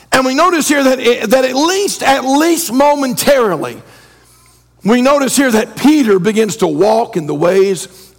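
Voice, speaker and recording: A pastor preaching a fervent sermon, reading old-style scripture and building to shouted refrains. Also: male voice, very high-pitched. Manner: reads scripture in King James wording.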